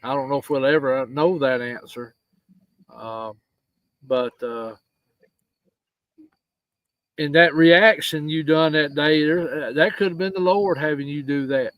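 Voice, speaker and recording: Earnest man, slightly high voice. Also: a bit bright, no room sound, poor audio. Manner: earnest and halting, speaking of faith. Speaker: host. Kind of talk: casual live-stream conversation.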